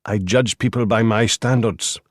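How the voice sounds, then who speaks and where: A man narrating an audiobook voices an earnest, principled lawyer who speaks in a measured way. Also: lowish voice, steady tone, no echo, studio quality, lightly acted.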